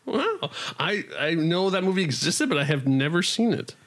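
A man co-hosting a casual comedy podcast, talking about movies in an expressive way and reacting quickly. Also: high voice. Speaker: podcast co-host. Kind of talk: casual chat.

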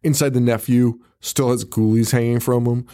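Man, podcast co-host, mid pitch, rambling recap, laughs a lot, swears, does quick character impressions. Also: little pitch movement, dark tone. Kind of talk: casual movie recap chat.

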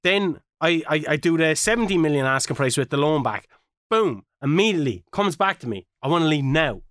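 Animated swearing man, fairly high voice. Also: fairly quick, no echo, studio quality. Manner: animated, swears a lot, acts out quotes. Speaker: podcast co-host. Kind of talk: casual gaming chat.

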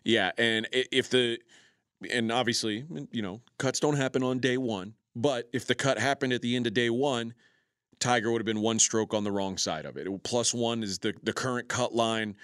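A man's voice: medium pitch, normal speed, fairly bright tone, clean tone, dry recording, clean studio sound. A man co-hosting a sports betting show, running through scores and odds in casual chat with frequent filler words.

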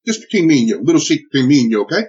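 A man recounting a personal ordeal in an interview, animated and full of restarts and acted-out quotes. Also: on the high side, rapid-fire, slightly rough. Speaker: interviewee telling a personal story. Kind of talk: emotional spoken recollection. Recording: dull lo-fi recording.

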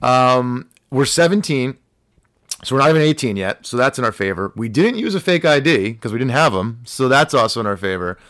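A young man spinning a casual anecdote as a podcast guest, lively and quick to play out the other people's lines. His voice sits in the middle range and sounds dry and close to the mic. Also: medium pitch, no room sound. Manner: animated anecdote telling, acts out quoted voices. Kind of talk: casual storytelling.

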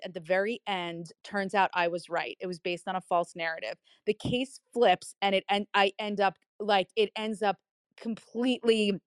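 Animated woman telling a story, dry sound. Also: medium pitch, no echo. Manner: animated, emphatic, repeats phrases. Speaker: guest speaker. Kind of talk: casual storytelling on a live audio chat.

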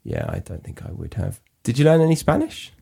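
A woman's voice: rumbling low, huge pitch swings, fairly quick, gravelly, dark tone, husky. A woman hosting a podcast, asking curious questions and reading notes aloud in a casual chat. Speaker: podcast host.

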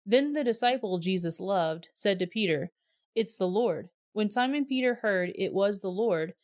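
A woman reading a Bible passage aloud in a clear, measured storytelling voice. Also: medium pitch, animated, no echo, studio quality. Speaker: scripture reader.

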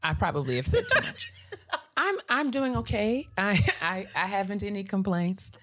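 A woman's voice: mid-range voice, big pitch swings, moderate pace, a bit bright, a little hiss or hum. A woman co-hosting a podcast, chatting casually with playful comic asides. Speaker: podcast co-host. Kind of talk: casual chat.

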